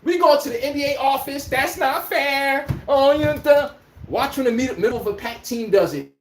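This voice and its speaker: A man's voice: very high-pitched, brisk, a little hiss or hum. A man hosting a podcast, delivering a heated, profane sports rant with an incredulous tone. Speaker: podcast host. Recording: echoey room.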